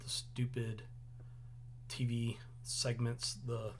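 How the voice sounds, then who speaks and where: A young man hosting a casual review show, relaxed and rambling with lots of ums. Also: mid-range voice, takes it slowly, slight background noise. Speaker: host. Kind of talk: casual chat.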